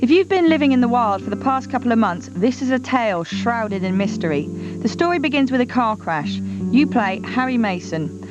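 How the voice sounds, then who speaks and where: A woman's voice: a little high, animated, normal speed. A woman reading a scripted video game review voice-over, telling the story dramatically. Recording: dull TV audio with music.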